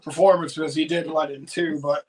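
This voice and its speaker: A man hosting a casual livestream, excitedly rambling about his team's win and swearing freely. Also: a little high, brisk, low-quality recording. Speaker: livestream host and fan commentator. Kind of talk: casual post-game chat.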